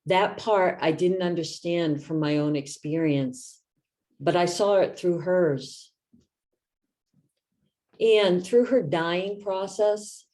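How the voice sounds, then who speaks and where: Slow, gentle, low-voiced woman. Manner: gentle, slow and soft-spoken. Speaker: meditation teacher. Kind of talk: reflective meditation talk.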